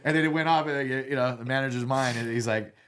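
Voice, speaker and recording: A man's voice: medium pitch, fast talker, noisy background. Rambling storyteller man, full of asides. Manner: rambling, animated, lots of "you know", swears, laughs. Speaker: guitar tech, guest telling stories. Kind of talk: casual storytelling interview.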